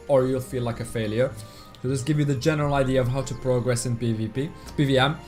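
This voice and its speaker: A chatty man streaming a game from home, talking casually to his viewers and answering their messages with frequent laughs. His voice sits at an ordinary middle pitch, and soft game music plays faintly underneath. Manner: chatty, reads out and answers chat, laughs often. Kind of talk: casual live-stream chat.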